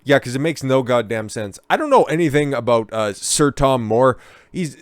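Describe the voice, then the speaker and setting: A man's voice: medium pitch, very animated, normal speed, no room sound, studio quality. A man hosting a reaction commentary, ranting with heavy profanity and sarcasm. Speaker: commentary channel host.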